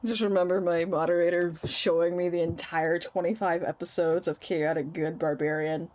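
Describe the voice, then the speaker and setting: A woman's voice: on the low side, level tone, normal speed, darkish tone. A woman streaming a game, chatting casually, teasing and laughing often. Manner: giggly, playful, teasing. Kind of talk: casual gameplay commentary.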